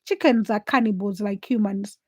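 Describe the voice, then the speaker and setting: A woman from Uganda hosting a casual late-night livestream, telling stories in an animated way and reading viewer comments aloud. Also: mid-range voice, moderate pace, dry recording. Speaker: livestream host.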